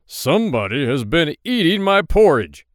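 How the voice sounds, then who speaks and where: A man doing a big gruff papa bear. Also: fairly high pitch, sing-song, normal speed, no echo, studio quality, pitched above the performer's own voice. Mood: indignant.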